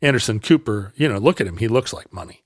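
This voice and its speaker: A man's voice: fairly low pitch, animated, fast talker, no room sound, clean studio sound. Man telling a rambling history story. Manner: rambling, self-correcting, laughs easily. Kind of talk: casual storytelling chat.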